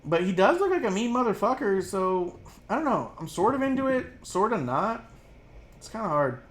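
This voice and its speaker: A podcast co-host in casual chat, rambling and swearing freely, with plenty of fillers and quick mocking asides. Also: mid-range voice, sing-song. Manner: rambling, profane, filler-heavy; drops into quick mocking impressions.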